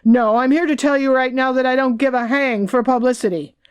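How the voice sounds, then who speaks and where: A woman's voice: high-pitched, brisk, clear, resonant tone, close to an everyday voice. A woman reading as a wry, candid woman. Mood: rueful. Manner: rueful, candid storytelling. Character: candid woman recalling hard times, wry.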